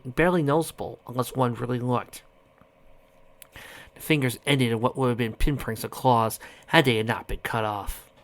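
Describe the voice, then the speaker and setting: A man's voice: mid-range voice, fairly bright tone. A man reading a fan story aloud, often stumbling over a word and correcting himself. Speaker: audiobook reader.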